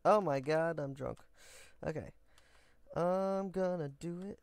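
Man, casual game commentary, goofy and rambling, gravelly voice, dry close sound. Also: a little high, slow pace, darkish tone, no room sound. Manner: chatty and goofy, rambling asides. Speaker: game building vlogger, host.

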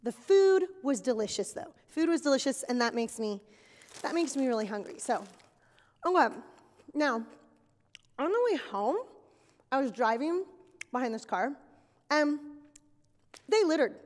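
Lady doing a kids sermon in a church, high voice, big echoey hall, really animated. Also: measured pace, pauses often. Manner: animated, exaggerated storytelling for children. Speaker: children's sermon leader. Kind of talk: kid's sermon with acted skit. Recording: long reverb in a hall.

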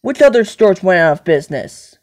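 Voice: medium pitch, sing-song, fairly quick, a little mellow. A person rambling to themselves on a home video, repeating and listing things over and over. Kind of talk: rambling self-talk monologue.

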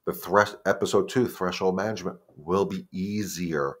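A man's voice: low-pitched, steady tone, moderate pace. A man, the head dog trainer, giving plain-spoken, emphatic advice in a casual live Q&A and often repeating words as he thinks.

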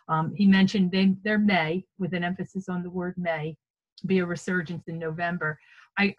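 A woman's voice: lowish voice, muffled recording. A woman on a school committee asking questions in a chatty way, often restarting words, over a video call. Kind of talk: virtual meeting questions.

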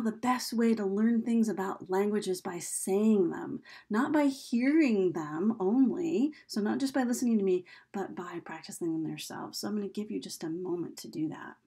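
Husky, creaky-voiced woman teaching. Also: medium pitch, darkish tone. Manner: casual, chatty explaining with frequent fillers. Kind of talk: recorded video lesson.

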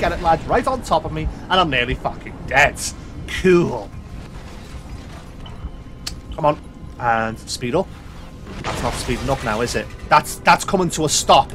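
A man's voice: medium pitch, expressive, a little slow, long pauses, fairly bright tone, soft background music. A man with a sweary, exasperated manner, commentating his own gameplay and talking back to the game. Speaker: gaming YouTuber.

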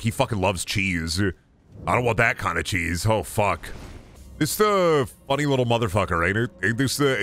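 A man's voice: lowish voice, pushed and bright. A man streaming a game, giving casual, profane, rambling commentary full of absurd jokes.

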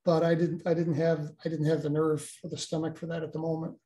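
An older man, a guest, recounting a personal experience in a halting way with many restarts. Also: fairly high pitch, monotone, warm tone, roomy sound.

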